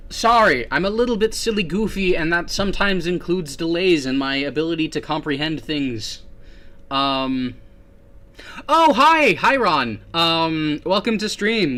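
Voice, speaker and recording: A young man hosts a casual livestream while drawing, goofing around and slipping into a silly put-on accent. His voice is on the high side, bright and forceful.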